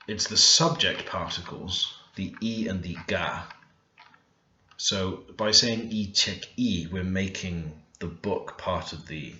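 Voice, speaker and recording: A language learner teaches grammar over a screen recording, his low voice sounding pushed and bright. He thinks aloud and emphasizes the words in his example sentences, recorded in an echoey room with dull lo-fi sound.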